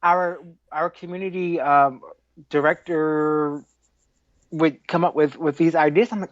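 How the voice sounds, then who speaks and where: A man's voice: fairly high pitch, fairly even intonation, a little slow, no echo. Laid-back man cohost, jokey storyteller, dull dry lo-fi sound. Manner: chatty, joking storyteller who laughs often. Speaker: podcast co-host. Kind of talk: casual chat.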